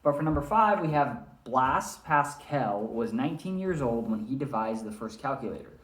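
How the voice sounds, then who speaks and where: A man teaching a recorded grammar lesson, his voice sitting at an ordinary middle pitch. He walks through each point patiently and keeps checking in with "all right?". The sound is roomy and echoey, as if captured in a room with a whiteboard. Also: expressive, moderate pace, a bit bright. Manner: explains step by step, often checks in with "all right?". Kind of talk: recorded language arts lesson.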